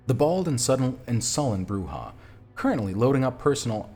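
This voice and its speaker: A man reads a text-based vampire adventure aloud on stream, breaking off for chatty, self-mocking asides. His voice sits at a middle pitch but swings animatedly, with faint music playing underneath. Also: very animated, fairly quick, dark tone. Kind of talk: reading a game aloud with casual asides.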